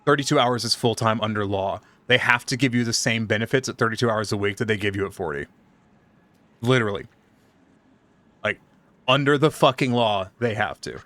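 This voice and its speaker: Bright-voiced man ranting while streaming. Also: fairly low pitch, expressive, fairly quick, long pauses, dry recording. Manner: profane, exasperated storytelling. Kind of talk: casual ranting chat.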